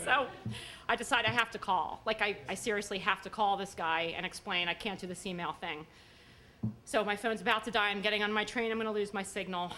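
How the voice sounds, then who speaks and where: A middle-aged woman telling a comic story on stage in an animated, high-strung way. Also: moderate pace. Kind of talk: live storytelling performance. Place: live stage at a story slam.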